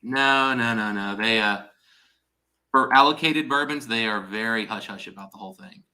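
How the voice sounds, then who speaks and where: A man's voice: on the low side, moderate pace, pushed and bright. A man chatting casually on a live stream as its host, rambling and restarting his sentences. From Ohio, USA.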